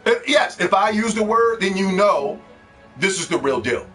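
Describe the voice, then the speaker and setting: A man's voice: high-pitched, lively intonation, moderate pace, fairly bright tone. A man giving a profane, scornful rant about video games, mocking other players as he talks, with faint music behind. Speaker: video game commentator. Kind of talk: ranting game commentary.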